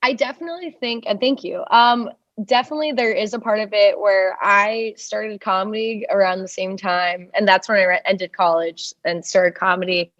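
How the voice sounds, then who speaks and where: On a casual podcast, a young Russian stand-up in her twenties talks loosely and full of fillers. She has a mid-range, slightly bright voice with fairly even intonation and a moderate pace; the sound is dull, dry, and lo-fi.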